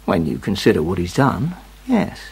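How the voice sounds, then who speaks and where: An actor playing a cold, evasive male official who questions a suspect in clipped, unhurried lines in a radio drama. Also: deep voice, wildly swooping pitch, vocal fry, a little mellow, husky, heavily acted. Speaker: official investigating a crime.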